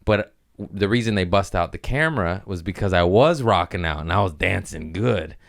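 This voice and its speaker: A man hosting his own podcast in a casual, rambling comedic monologue, swearing freely and slipping into quick mock voices. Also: sits low, vocal fry, no echo, studio quality. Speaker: podcast host.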